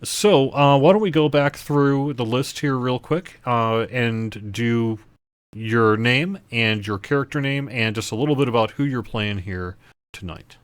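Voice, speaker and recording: A man's voice: mid-range voice, unhurried, dry recording. A man acting as game master, narrating a tabletop game over voice chat in a hesitant way with many fillers.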